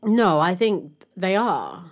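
A young woman co-hosting a podcast, chatting expressively and swinging from loud exclamations to low mutters. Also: sing-song, slow. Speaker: podcast co-host. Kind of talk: casual chat.

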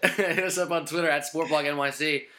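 A man's voice: on the high side, steady tone, a little fast, noisy background. A man co-hosting a casual sports podcast, chatty and teasing, laughing often. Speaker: podcast co-host. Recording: roomy echo.

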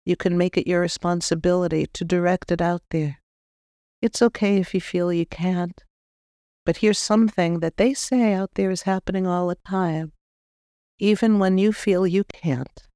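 A woman working as a spiritual medium, giving a guided spiritual talk and gently speaking straight to the listener. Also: on the low side, steady tone, normal speed, clean tone, dry recording, studio quality. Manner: gentle, addresses the listener directly with soft instructions.

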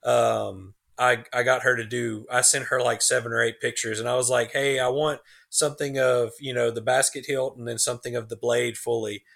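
Gravelly rambling knifemaker guest. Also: male voice, medium pitch, little pitch movement, a bit bright. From American South. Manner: rambling, halting restarts. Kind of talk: casual chat.

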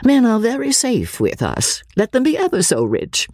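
A woman playing a calm good-humoured mother. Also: fairly high pitch, no echo, clean studio sound, voice pushed up, full character voice. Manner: gentle, measured, gently teasing.

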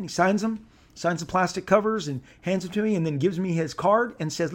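With a high-pitched voice and a slightly fast pace, this middle-aged Southern California man recounts a casual anecdote. He's a comic book artist, and his telling is animated and rambling, packed with fillers and restarts.

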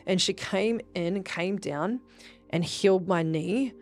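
A young woman with a somewhat low voice hosts a podcast, telling her story in a candid, casual way. She swears freely and keeps things expressive and chatty. Faint music plays behind her. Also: unhurried. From New Zealand. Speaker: podcast host.

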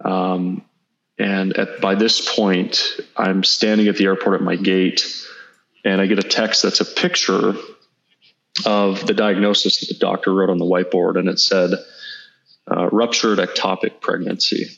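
A man in his thirties, a guest entrepreneur in an interview, telling a personal story in an earnest, halting way with small restarts. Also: low voice, little pitch movement, creaky, fairly bright tone. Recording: slightly dull lo-fi audio.

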